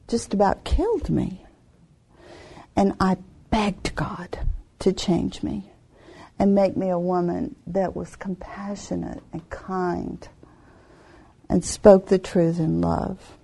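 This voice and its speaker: A woman telling a personal faith testimony in an earnest, reflective way, with soft laughs now and then. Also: medium pitch, creaky.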